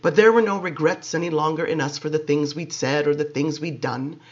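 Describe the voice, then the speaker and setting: A man giving expressive, measured dramatic audiobook narration, on a dull lo-fi recording. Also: on the high side.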